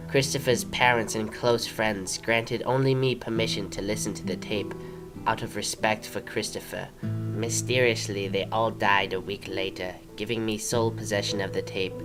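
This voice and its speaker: A narrator giving deadpan, solemn mock-documentary narration in a matter-of-fact tone. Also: low-pitched, normal speed. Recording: narration over guitar music. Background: guitar music.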